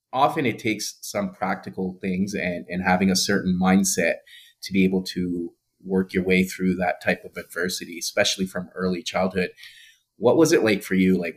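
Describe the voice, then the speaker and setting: A man hosting a podcast, asking thoughtful, rambling questions with plenty of fillers. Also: low-pitched. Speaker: podcast host. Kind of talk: interview conversation.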